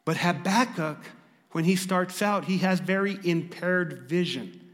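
A man preaching a sermon to a church congregation. He stumbles over repeated words and rises to loud, emphatic reading. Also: high-pitched, measured pace, in a large hall. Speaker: pastor. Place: church service.

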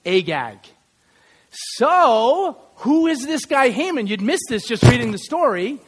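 A man with a strikingly high voice delivers a Sunday sermon in a church. He is lively and jokes with the congregation as he goes. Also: measured pace, slight background noise. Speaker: pastor. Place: church sanctuary.

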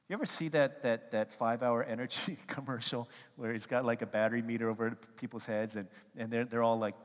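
A male pastor preaching a sermon, telling animated stories and acting out quotes as he goes. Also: lowish voice. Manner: animated storytelling with acted-out quotes. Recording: long hall reverb.

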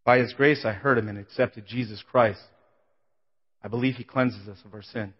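A man preaches a personal testimony in a sanctuary, rising to loud, pleading peaks and falling back to a near hush. His voice rings out with a long reverb tail in a large hall, and the recording sounds muffled and dull. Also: fairly even intonation, moderate pace, breathy edge. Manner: emotional testimony, voice swelling then dropping low. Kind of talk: sermon.

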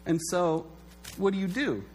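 A man preaching a sermon as pastor, telling stories in an animated way and acting out the quotes. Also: high-pitched, unhurried, soft background music. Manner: animated storytelling, acts out quotes.

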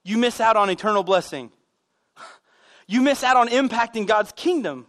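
A man preaching a sermon as pastor, telling animated stories with self-deprecating humor. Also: high voice, normal speed. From United States. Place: church sanctuary.

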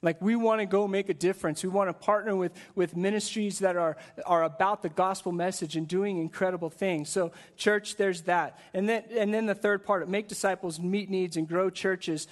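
A man preaching a sermon to a church service, in an energetic, conversational way with frequent repeated words. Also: high voice, normal speed, hardly any pauses. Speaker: guest pastor.

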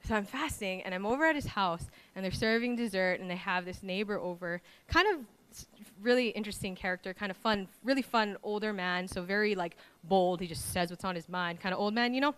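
A woman from Hawaii giving a personal faith testimony, telling her story in a lively way and acting out the voices she quotes. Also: mid-range voice, a little fast, few pauses, clear, resonant tone.

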